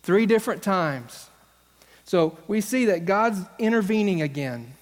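A man's voice: high voice, animated, a little slow, big-room sound. A male pastor preaching a sermon on stage, telling stories and acting out the voices of the people in them. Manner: storytelling, acts out quoted voices. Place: church stage.

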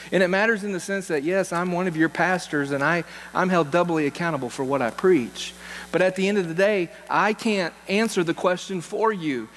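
A man's voice: on the high side, a bit bright. A man, a pastor, preaching a sermon in an earnest way, repeating key phrases for emphasis. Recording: long hall reverb with faint mains hum.

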